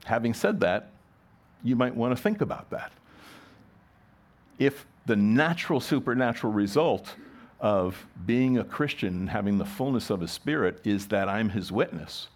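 In his sermon, a middle-aged pastor speaks to the congregation in a slightly low voice and a conversational way. He asks questions, restarts his sentences, and circles back to his main point.

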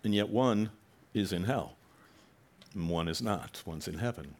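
A man's voice: low-pitched, measured pace, darkish tone. A man preaching a sermon to his congregation in a conversational way, now and then acting out quoted voices with rising animation. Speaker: pastor.

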